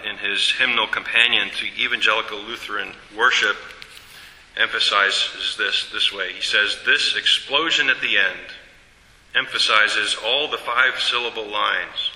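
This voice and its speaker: Lower-voiced man lecturing in a hall. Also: pushed and bright. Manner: measured, explanatory, with frequent fillers and self-corrections. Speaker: teacher presenting a hymn study. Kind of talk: classroom lecture on a hymn tune.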